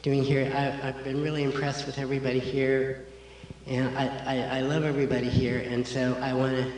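A man sharing his personal testimony before his baptism, speaking earnestly and haltingly with many restarts. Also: medium pitch, level tone, a little mellow. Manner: halting, self-correcting, earnest. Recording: echoey church hall with faint noise.

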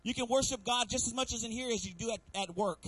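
High-voiced man preaching a sermon. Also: quick pace, a bit bright, slightly rough, dry recording, low-quality recording. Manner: preaching with call-and-response asks to the congregation; acts out quoted voices within the sermon. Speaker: pastor. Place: church sanctuary.

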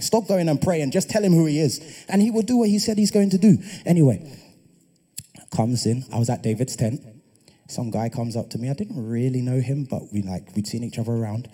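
A young adult man preaching, telling a personal testimony in an animated way that builds to loud, impassioned preaching. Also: mid-range voice, husky.

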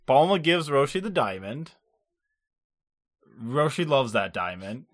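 A man in his own easygoing podcast chat, retelling cartoon scenes with frequent laughter and the odd curse. His voice sits at an ordinary middle pitch, and his delivery is loose and lively. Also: measured pace. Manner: laughs often, animated, swears casually. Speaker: podcast co-host. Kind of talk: casual chat recapping an anime.

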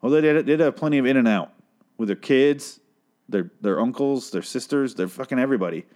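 A male podcast host in full exasperated rant mode, swearing freely and stumbling over restarts. He swings between loud disbelief and low, sheepish apologies. His voice sits at an ordinary middle pitch for a man. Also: fairly quick. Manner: exasperated, profane, keeps apologizing. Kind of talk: comedic rant.

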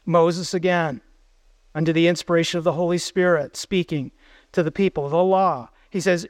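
A man's voice: a little high, steady tone, moderate pace, dry recording. A man preaching a sermon as pastor, earnest, putting questions to the congregation.

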